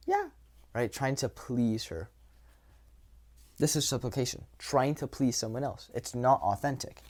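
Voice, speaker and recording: Young male dating coach, casual and blunt, middle pitch, acts out examples. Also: unhurried, darkish tone. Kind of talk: casual talking-head advice.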